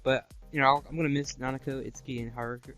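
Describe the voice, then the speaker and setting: Man, co-host of a review show, casual and quick, loose and rambling. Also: medium pitch, fairly even intonation, fairly bright tone, faint music behind. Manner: rambling, many "you know" fillers.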